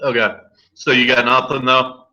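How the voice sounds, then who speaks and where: A man's voice: mid-range voice, flat delivery, moderate pace, sharp tone. A man hosting a casual sports betting podcast, reading off odds and picks with many fillers and restarts. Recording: dull lo-fi podcast audio.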